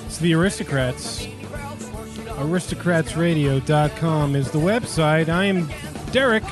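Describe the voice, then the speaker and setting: Male podcast host, slightly high voice, bouncy banter, laughs a lot. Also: measured pace, music in the background. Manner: joking, laughs often. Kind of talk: casual banter.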